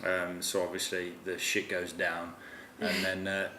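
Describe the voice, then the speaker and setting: A man's voice: sits low, monotone, unhurried, pushed and bright. A man chatting animatedly as a film reviewer, swearing casually and slipping into silly voices. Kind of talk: casual chat. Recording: echoey room with faint noise.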